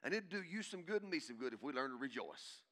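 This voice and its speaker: A male pastor preaching a sermon, swinging from shouting to hushed intensity and calling out to the congregation. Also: a little high, big pitch swings, fast talker. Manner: calls out to the congregation.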